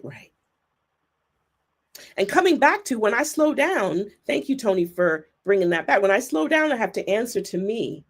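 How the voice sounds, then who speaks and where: A woman's voice: mid-range voice, big pitch swings, breathy edge. Earnest, thoughtful woman guest. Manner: thoughtful, earnest, speeds up and slows down. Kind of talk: reflective conversation. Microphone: remote video call.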